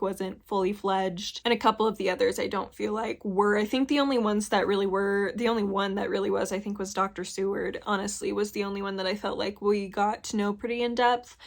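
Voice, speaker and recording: A young woman chats through her thoughts on a book she has read. She rambles frankly and leans on filler words, and her voice sits at an average pitch. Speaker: book reviewer. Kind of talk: casual book review chat.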